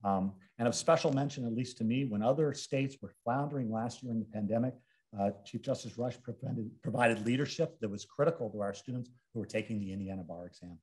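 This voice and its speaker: A man's voice: medium pitch, a little fast, darkish tone, husky. A man formally introducing a guest speaker at a ceremony, reading out her career. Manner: formal, reads credentials, occasional fillers.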